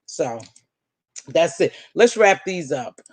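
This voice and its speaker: A woman's voice: takes it slowly, no echo. A woman hosting a live stream, chatting and reacting to her chat in an emphatic, preachy way, calling viewers "baby". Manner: animated, swings pitch up and down. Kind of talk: casual live stream commentary, reading chat.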